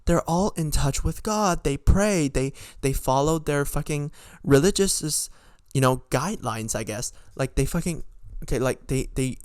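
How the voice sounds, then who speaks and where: A man's voice: medium pitch, darkish tone, dry recording, clean studio sound. A young man hosting a podcast, telling a storytime in a rambling, exasperated way, full of filler words and swearing. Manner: exasperated, incredulous. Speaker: podcast host. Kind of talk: casual storytime rant.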